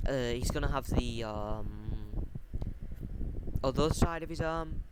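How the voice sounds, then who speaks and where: A young man rambles through a fan fiction plot at a slow pace, stopping often to correct himself. His pitch sits at an ordinary middle level. A room fan hums clearly behind him throughout. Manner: hesitant, full of ums and self-corrections. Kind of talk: casual unscripted plot explanation. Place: warm room at home. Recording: steady fan noise at home.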